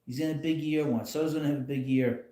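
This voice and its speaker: A man's voice: fairly high pitch, fairly even intonation, fast talker, mellow, reverberant. A man hosting a casual live stream from home, talking in a rambling, blunt way with frequent chuckles. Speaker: channel host. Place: home, in a rocking chair.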